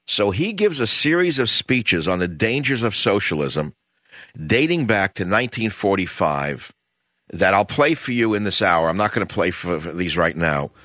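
Deep-voiced older New York man ranting. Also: lively intonation, moderate pace, fairly bright tone, no echo. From Queens, New York. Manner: rambling, emphatic, with frequent hesitations. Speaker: radio talk show host. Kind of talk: opinionated talk radio monologue. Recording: dull lo-fi broadcast audio.

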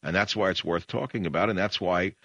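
A man hosting political talk radio in a low, forceful voice, indignant and combative as he stacks up rhetorical questions. His delivery is dry and close on a studio mic. The broadcast sound is a little dull. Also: brisk, dry recording.

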